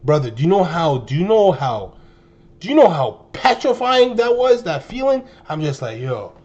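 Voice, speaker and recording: A man in his twenties telling a story to his viewers in a casual, animated way, full of slang and exaggeration. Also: a little high, normal speed, highs cut off. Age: 20s. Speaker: streamer.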